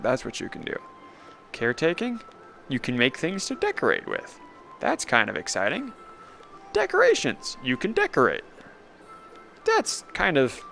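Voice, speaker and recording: A man's voice: mid-range voice, creaky, bright, forceful tone. A young man streaming a video game, rambling casually, laughing often and mocking himself. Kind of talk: casual gaming commentary.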